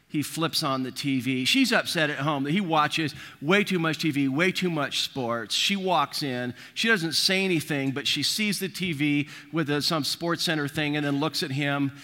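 A man preaching to a congregation, weaving humorous stories and acted-out quotes into his sermon. His voice is bright and forceful, sitting a little high. The sound rings with the long reverb of a large church hall. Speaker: pastor.

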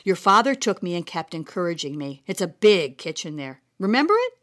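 A woman's voice: fairly low pitch, very animated, fairly quick, fairly bright tone. A woman voicing an older grandmother, a retired cook, plainspoken and proud, telling a fond, chatty story with exclamations. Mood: reminiscing.

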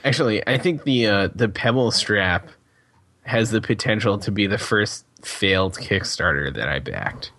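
A man on a casual podcast with a low, gravelly voice full of vocal fry. His pitch moves a lot as he drops in short, dry remarks. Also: expressive, measured pace, pushed and bright. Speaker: podcast co-host.

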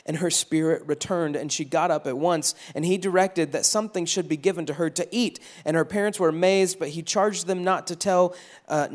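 A man preaching a casual, conversational sermon, animated and acting out crowd voices. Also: on the high side, brisk. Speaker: pastor.

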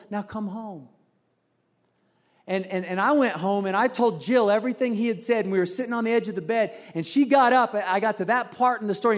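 High-voiced male pastor telling a story. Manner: conversational, acts out quotes with shifts in voice. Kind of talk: sermon with personal story.

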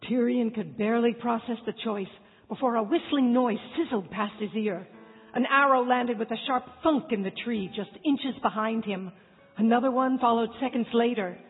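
A woman narrates a dramatic adventure in a husky, breathy voice. The recording is thin and phone-like, with a long hall reverb and faint music beneath. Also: fairly high pitch, moderate pace.

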